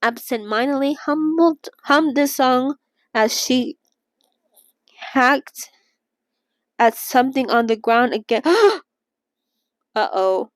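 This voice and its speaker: A young woman reading a novel aloud in a casual read-along and reacting emotionally, with halting restarts and gasps. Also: sits high, animated, no echo.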